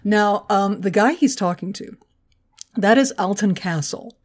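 A woman co-hosting a podcast, talking in a casual, chatty way. Her pitch sits in the middle range. She swears freely and laughs easily. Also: a little slow, crowd noise. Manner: chatty, profane, laughs a lot. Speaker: podcast co-host.

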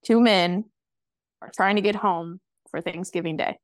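A woman's voice: lowish voice, fairly even intonation, a little slow, no room sound, studio quality. A woman co-hosting a casual podcast chat over a call, bubbly and laughing often. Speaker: podcast co-host. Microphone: remote call mic.

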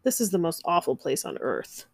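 A woman's voice: on the low side, huge pitch swings, normal speed, creaky, no room sound, clean studio sound, heavily acted. A woman voicing a gloomy, stubborn eight-year-old boy in a storybook reading, sulky and complaining.

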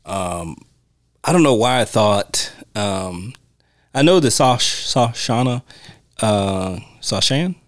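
Low-voiced man in relaxed podcast chat. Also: slow pace, no echo, clean studio sound. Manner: easygoing, laughs often, searches for names. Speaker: podcast host. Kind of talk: casual film commentary chat.

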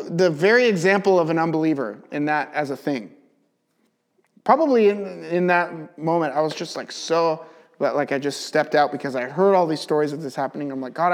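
A man teaching in a casual, animated way, telling a personal testimony and leaning heavily on "like". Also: fairly high pitch. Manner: animated storyteller, chatty with many "like" fillers. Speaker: Bible teacher.

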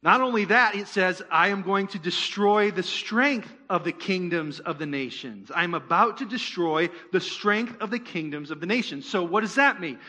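Bright-voiced male pastor preaching. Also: high voice, animated, normal speed, hardly any pauses. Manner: conversational preaching with rhetorical questions and asides. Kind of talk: sermon. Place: church.

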